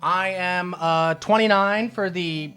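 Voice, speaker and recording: A man's voice: high-pitched, slow pace, sharp tone, clean tone, soft background music. Breathless man streaming retro games. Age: 30s. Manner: chatty, laughing, swears at the game. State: out of breath from exercise. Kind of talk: casual live stream chat.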